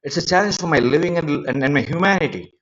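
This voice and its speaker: A man's voice: on the high side, fairly bright tone. Distressed man pleading on a live stream. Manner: halting, repeats words, pleading and aggrieved. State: distressed, close to tears. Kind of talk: rambling live-stream monologue. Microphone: phone mic. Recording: lo-fi phone screen recording.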